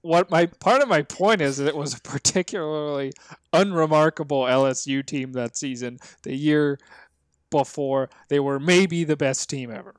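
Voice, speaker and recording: A man's voice: fairly high pitch, moderate pace, clear, resonant tone, no room sound, studio quality. A man co-hosting a podcast, telling a sports story in casual chat and acting out the people he quotes. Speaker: podcast co-host.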